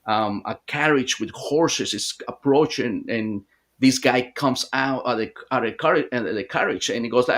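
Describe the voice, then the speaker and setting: A man guesting on an interview, telling a long story in a halting, rambling way with many restarts. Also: medium pitch, fairly bright tone. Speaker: hypnotherapist guest.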